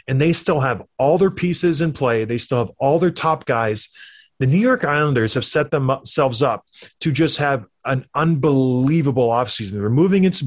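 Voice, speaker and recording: A former hockey player co-hosting a casual sports chat, telling stories animatedly and acting out quotes. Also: male voice, on the high side. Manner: animated storyteller, acts out quotes.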